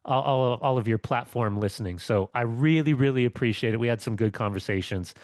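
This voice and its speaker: A man's voice: medium pitch, fairly quick, a little mellow. A man co-hosting a casual podcast, who rambles through long anecdotes and keeps circling back with restarts. His voice sits in a middle register and sounds close and dry, with no room echo. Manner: rambling storyteller with many restarts. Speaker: co-host.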